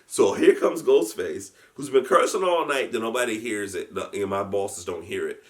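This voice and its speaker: A man telling a story in a casual chat. He is animated, often laughs and restarts his sentences. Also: on the low side, normal speed. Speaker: guest storyteller, convention founder.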